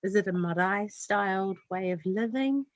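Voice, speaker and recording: A woman's voice: medium pitch, moderate pace, no echo, dull audio. A woman, a community developer talking in an earnest, heartfelt way in an interview. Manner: earnest, heartfelt, rambling run-on thoughts. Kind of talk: casual interview chat.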